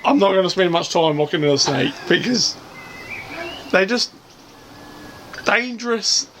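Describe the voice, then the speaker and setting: A man's voice: high-pitched, lively intonation, a little slow, a bit bright. A man from New Zealand with a New Zealand accent, chatting casually in a beer garden and acting out quotes as he tells stories. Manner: storytelling, acts out quotes. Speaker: guest. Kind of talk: casual chat. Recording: noisy outdoor ambience with birds.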